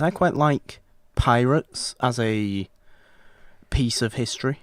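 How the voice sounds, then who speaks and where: A man's voice: mid-range voice, lively intonation, slow pace, no echo. A man co-hosting a podcast about films, chatting casually in a rambling, wry way with many self-corrections. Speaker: podcast co-host. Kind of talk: casual film chat.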